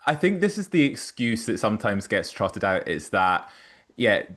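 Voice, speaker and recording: A man's voice: lowish voice, very animated, normal speed, a bit bright. A man appearing as a guest podcaster in casual chat, wry and explaining with fillers like "like".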